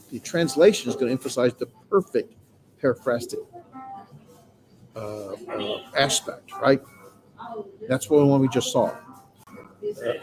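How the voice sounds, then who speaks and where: A male instructor gives a patient, reassuring classroom lecture in an everyday mid-range voice. He talks things through with plenty of filler sounds as he explains. Music plays clearly behind him. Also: mid-range voice, poor audio. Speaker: Greek grammar instructor. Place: classroom with students.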